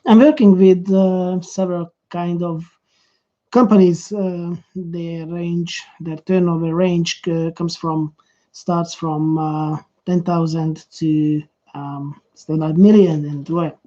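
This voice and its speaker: A man's voice: a little high, steady tone, slow pace, dark tone, muffled recording. A man with a Hungarian accent, a business coach rehearsing a video introduction to camera, stopping and restarting with many fillers.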